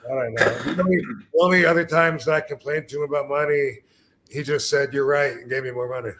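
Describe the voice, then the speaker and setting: A man's voice: mid-range voice, fairly quick, over a noisy crowd. A man hosting a podcast and telling rambling, conversational stories. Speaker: podcast host. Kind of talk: casual podcast chat.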